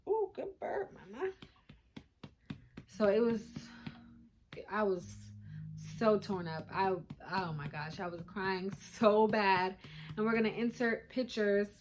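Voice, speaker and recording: A woman's voice: mid-range voice, darkish tone, slight background noise. A young woman casually telling her birth story to viewers, chatty and emotional, recorded on a phone at home. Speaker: vlogger. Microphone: phone camera.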